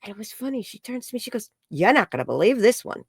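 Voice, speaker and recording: A woman, an energy healer and psychic, telling a story in an interview and acting out the quoted dialogue in a higher voice. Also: very animated, fast talker, breathy edge, no echo, studio quality. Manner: acts out quoted dialogue with high bright voices.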